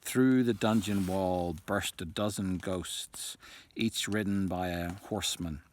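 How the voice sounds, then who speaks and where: Amateur audiobook reader, man, very low voice, a faint hiss behind, stumbles now and then. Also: fairly even intonation, slow. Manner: occasional slips and restarts. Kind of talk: reading a novel aloud.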